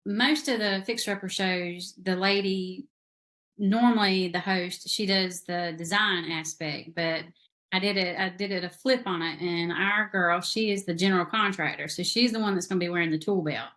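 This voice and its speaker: A woman's voice: lowish voice, steady tone, moderate pace, a bit bright. A woman author with a South Carolina accent, a guest on a podcast, talking casually and rambling with many fillers. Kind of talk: casual interview chat.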